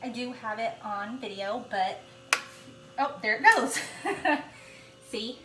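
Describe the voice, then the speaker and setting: A woman's voice: on the high side, takes it slowly, music in the background. A young woman vlogger casually telling a rambling story to camera, with many fillers and restarts. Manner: chatty, rambling, lots of fillers.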